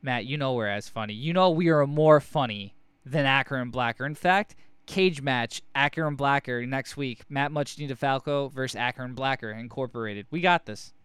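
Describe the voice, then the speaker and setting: A man's voice: mid-range voice, normal speed, a bit bright, clean tone, dry recording. A man co-hosting a podcast, recapping and reviewing comics in a rambling, profane, jokey casual chat. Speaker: podcast co-host.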